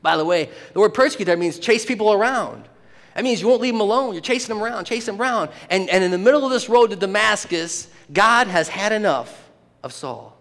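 A man preaching a sermon, animated and often laughing, acting out the voices in the story. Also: high voice. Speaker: pastor. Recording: long hall reverb.

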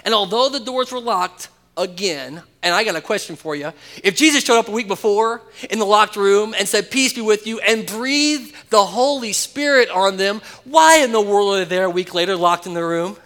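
A man preaching a sermon to his church congregation. He swings between loud, emphatic calls and hushed, intimate asides, and peppers the crowd with rhetorical questions. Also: high-pitched, animated, moderate pace, hardly any pauses. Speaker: pastor.

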